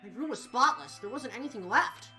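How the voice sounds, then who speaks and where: A woman voicing a gentle, shaken teenage boy who speaks softly. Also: fairly high pitch, animated, brisk, soft background music. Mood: subdued.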